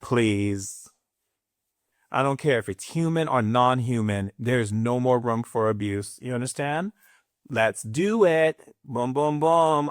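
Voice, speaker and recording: A man's voice: mid-range voice, dry recording, studio quality. Sassy, emphatic man giving a spiritual talk. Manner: sassy, emphatic, playful asides. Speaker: spiritual teacher.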